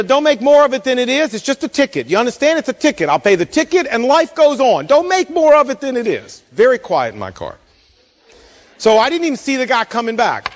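A pastor with a high-pitched voice preaches a sermon, his sound filling a big room. He tells a story animatedly, acting out the voices of the people in it.

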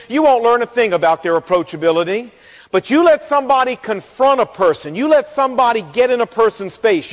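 A man preaching a sermon as pastor, folksy and animated, acting out the quotes in the story. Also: extremely high pitch. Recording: long hall reverb.

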